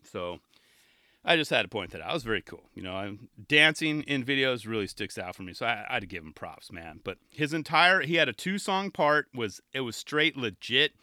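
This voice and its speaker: In a dry, studio-quality recording, a man with a mid-range voice talks briskly with lively intonation and a sharp tone, barely pausing. It's a casual solo podcast, and he rambles with enthusiasm, often breaking off and restarting his sentences.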